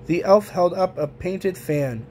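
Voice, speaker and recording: A man reading a children's picture book aloud in a gentle, even storytelling manner. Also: high-pitched, a little slow, slight background noise. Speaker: storybook reader.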